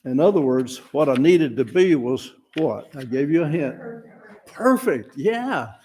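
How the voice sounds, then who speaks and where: With a mellow, medium-pitched voice at a moderate pace, an older man gives a homespun, casual sermon as a lay speaker at a fellowship service. He pokes fun at himself, talks plainly, and frequently starts his words over. There is slight background noise.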